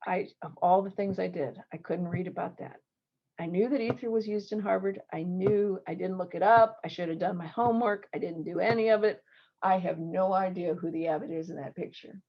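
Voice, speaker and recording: A middle-aged woman surgeon giving interview advice in an online talk, telling stories lively and acting out the people she quotes. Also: fairly low pitch, brisk. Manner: lively storytelling with acted quotes. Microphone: video call. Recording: dull lo-fi video call audio.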